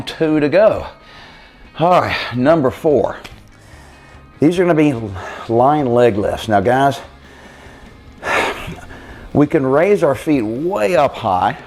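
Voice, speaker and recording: A man coaching an abs workout, counting reps out loud as he exercises and talking out of breath. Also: mid-range voice, slight background noise. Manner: counting reps aloud while exercising, casual. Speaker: fitness coach. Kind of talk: workout demonstration.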